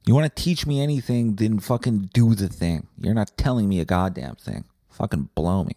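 Male podcast host, low dark voice, swearing rant. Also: normal speed, no room sound, clean studio sound. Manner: profane, combative ranting. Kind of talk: comedic rant monologue.

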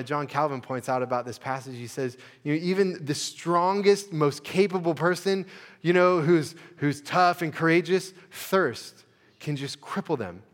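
A man preaching a sermon as pastor, earnest, building to emphatic peaks and dropping to soft, quiet stretches. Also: on the high side, in a large hall. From United States. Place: church sanctuary.

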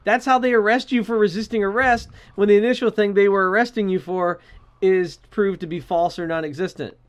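A man with a high voice co-hosts a podcast in loose, casual chat. He swears freely and keeps a dry, sarcastic edge. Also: steady tone, a little fast. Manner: laid-back and profane, with dry sarcasm. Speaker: podcast co-host.

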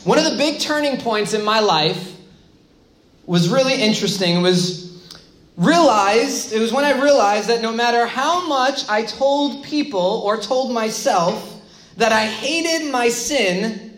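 A man's voice: extremely high pitch, animated, unhurried, fairly bright tone. A man giving a conversational sermon as a pastor, speaking informally, repeating key phrases and asking the audience questions. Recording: echoey room.

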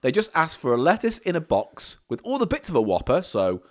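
A man's voice: a little high, huge pitch swings, fairly quick. A man hosting a comedy podcast, reading out listener letters in a dry, sardonic and sweary way. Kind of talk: casual comedy chat.

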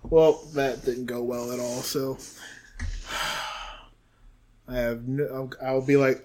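Man, tabletop player, hesitant, stammering, mid pitch. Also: level tone, takes it slowly, long pauses, darkish tone. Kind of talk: casual tabletop play.

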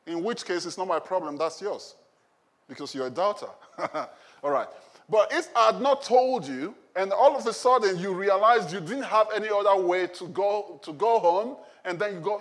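High-voiced conversational male preacher. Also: expressive, normal speed. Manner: conversational, asks the congregation questions. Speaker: pastor. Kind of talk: sermon.

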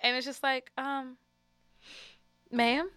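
Lively New woman telling a story. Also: a little high, moderate pace, clean tone, no room sound, clean studio sound. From New Orleans. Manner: animated storytelling, laughs often. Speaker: podcast co-host. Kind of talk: casual chat.

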